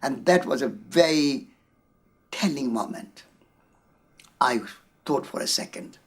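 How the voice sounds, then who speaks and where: A man's voice: mid-range voice, lively intonation, slow pace, husky. A man with an Indian accent, telling a personal story earnestly as an interview guest. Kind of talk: reflective storytelling.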